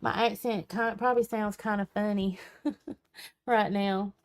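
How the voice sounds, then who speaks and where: A woman's voice: medium pitch, steady tone, unhurried. A woman, a tarot reader chatting casually on a live stream, her voice cracking in and out. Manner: chatty, reads viewer comments aloud, folksy.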